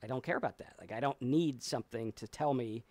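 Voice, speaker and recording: A man's voice: mid-range voice, a little fast, darkish tone, no echo. Guy telling long stories on a live stream, acts out little voices, very dry mic. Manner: rambling storyteller, acts out voices. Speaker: podcast co-host. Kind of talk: casual live-stream talk.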